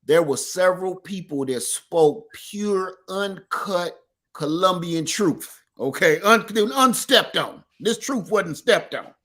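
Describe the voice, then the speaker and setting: A middle-aged man with an East Texas accent, co-hosting a livestream and telling stories in animated, folksy casual chat. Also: high voice, takes it slowly. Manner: animated storyteller, folksy Southern talk. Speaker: livestream co-host.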